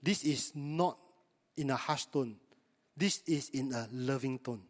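Here a pastor of medium pitch talks at a measured pace in a large hall, preaching in a conversational manner and frequently posing rhetorical questions to his flock.

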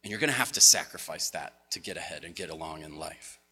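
A man's voice: very deep voice, expressive, quick pace, bright, forceful tone, a little hiss or hum. A man giving a conversational, story-driven sermon to a congregation as pastor. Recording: long hall reverb.

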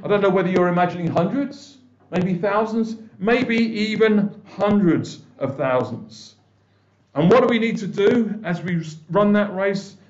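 Man, conversational sermon, slightly high voice, roomy dull recording. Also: a little slow, a little mellow. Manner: conversational, with many restarts and quoted voices. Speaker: pastor. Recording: echoey, dull church recording.

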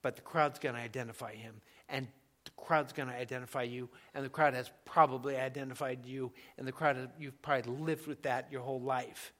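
Bright-voiced male preacher, emphatic. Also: medium pitch, fairly even intonation, a little fast. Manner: emphatic, conversational preaching with sudden soft drops. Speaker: pastor. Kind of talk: sermon.

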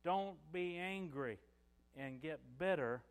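Older guy pastor preaching casual, kinda high voice, long church reverb. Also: slow, clear, resonant tone. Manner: conversational preaching, frequent "you know" fillers. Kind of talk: sermon.

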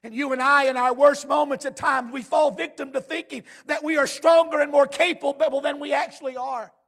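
High-voiced, gravelly preaching man. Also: fairly even intonation, a little fast. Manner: swings from shouted emphasis to hushed low tones. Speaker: pastor. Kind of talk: sermon.

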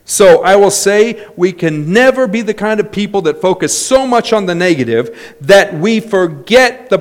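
A middle-aged man preaching a sermon, telling stories with joking asides. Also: high-pitched. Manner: lively storytelling with joking asides. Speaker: pastor.

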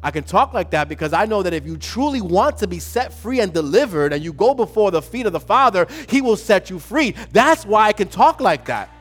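A male pastor delivering a sermon with a fairly high voice, driving his points home through repeated phrases that swell into loud, emphatic questions. Soft music plays faintly underneath. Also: sing-song, a little fast, hardly any pauses, slightly rough.

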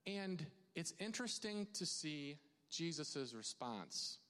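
A man preaching a conversational sermon to his congregation, chatty and animated, with many restarts and asides to the crowd. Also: fairly high pitch, slow pace, smooth. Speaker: pastor. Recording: long hall reverb.

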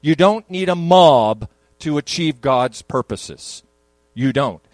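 Taking it slowly, an older man preaching from a church sanctuary moves between conversational asides and emphatic peaks. He's a pastor with a slightly high, animated voice, and the recording is rough but free of echo.

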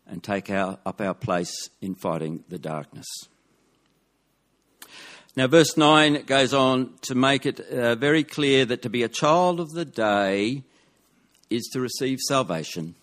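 A man preaching a sermon, measured and emphatic, dropping his voice on key words. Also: medium pitch, lively intonation.

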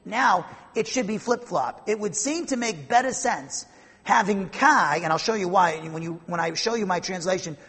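A man's voice: sits high, lively intonation, moderate pace, fairly bright tone, breathy edge. A man teaching a Bible passage verse by verse, explaining and emphatic, often restarting his sentences. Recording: long hall reverb.

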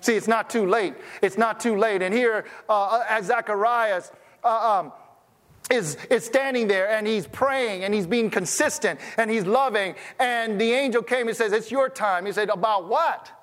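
In a sermon with a long reverb tail, a pastor speaks in a high, slightly bright voice at normal speed. He tells stories in a conversational way, frequently stammering and restarting sentences.

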